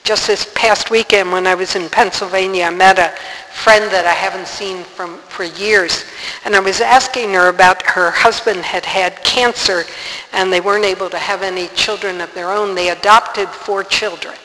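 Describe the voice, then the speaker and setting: A woman's voice: medium pitch, fairly even intonation, moderate pace, pushed and bright. A woman telling a story as a sermon, earnest and dramatic in her retelling. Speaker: religious speaker. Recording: reverberant hall, faint hiss.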